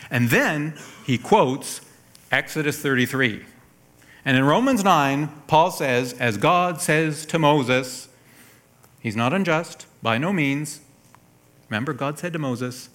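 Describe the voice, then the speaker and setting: A man's voice: on the high side, lively intonation, moderate pace. Man preaching an explanatory sermon. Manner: explanatory, rises for emphasis then drops soft.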